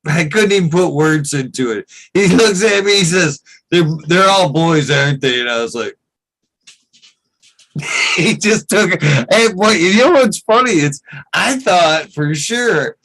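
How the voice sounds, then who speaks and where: Animated, slow-talking man telling stories. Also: sits high, rough recording. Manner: animated storyteller, swears, laughs often. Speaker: podcast regular. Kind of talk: casual chat among friends.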